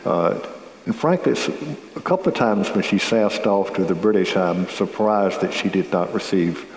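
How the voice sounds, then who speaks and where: A man with a very deep voice explains events in a measured, knowledgeable way, pausing on fillers as he goes. His voice sounds echoey, with a long reverb tail, as if heard in a large hall. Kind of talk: relaxed radio-style discussion.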